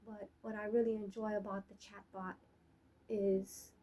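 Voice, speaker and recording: A woman's voice: medium pitch, level tone, measured pace, warm tone, slight background noise, rough recording. A young adult woman rambling through a personal vlog monologue, swearing freely and laughing often as she talks. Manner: profane, laughing, trash-talking. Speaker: vlogger.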